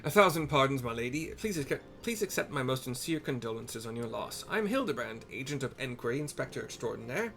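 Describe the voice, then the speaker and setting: A man's voice: medium pitch, big pitch swings, fast, creaky, few pauses, a bit bright. A man voicing a grandiose, self-assured inspector who speaks in florid, old-fashioned formal phrases.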